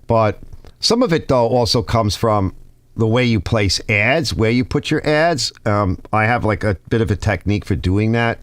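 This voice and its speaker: A man with a New York accent, hosting his own channel, rambling casually to viewers and often restarting his sentences. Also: medium pitch. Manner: rambling, restarts sentences, reads comments aloud. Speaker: YouTube channel host.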